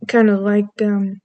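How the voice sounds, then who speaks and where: Young woman rambling goofily, mellow. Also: medium pitch. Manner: goofy, self-deprecating, meandering. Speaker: vlogger. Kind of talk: rambling casual chat.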